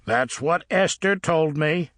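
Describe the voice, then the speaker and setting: A man's voice: a little high, slow, a bit bright, no echo, clean studio sound, voice pushed up. A man voicing a blunt, gossipy, uncouth middle-aged repairman in an audiobook who talks emphatically.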